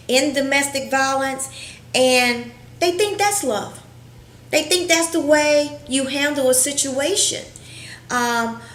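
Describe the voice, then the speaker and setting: A woman counselor giving an earnest, reflective educational talk, pausing often with fillers. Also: high voice. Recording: roomy echo.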